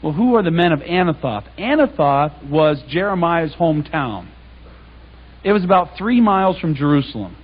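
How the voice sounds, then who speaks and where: A man delivers a talk to a congregation in an animated, conversational way, retelling scripture in plain everyday speech. His voice sits high and sounds somewhat husky. The recording is dull and lo-fi. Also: normal speed. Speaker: public speaker.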